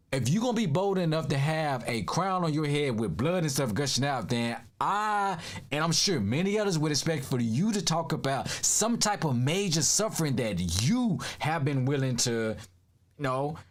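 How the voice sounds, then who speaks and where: A man's voice: on the high side, very animated, moderate pace. A man giving casual reaction commentary, emphatic and slangy, laughing often.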